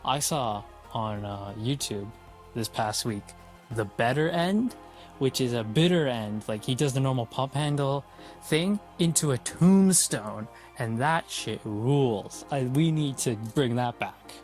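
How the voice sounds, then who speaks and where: A man casually recapping a wrestling show, blunt, opinionated and quick to swear. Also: mid-range voice, animated, darkish tone, soft background music.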